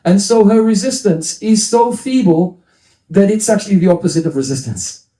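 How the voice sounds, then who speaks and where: High-voiced man giving a devotional lecture. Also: animated, normal speed, dark tone, roomy sound, rough recording. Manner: explains scripture terms, playful asides. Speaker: spiritual teacher.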